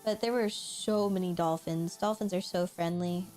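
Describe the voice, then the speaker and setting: A woman streaming while she plays a game, telling stories in a giggly, animated way, laughing often and swearing casually. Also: fairly low pitch, moderate pace. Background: faint background music.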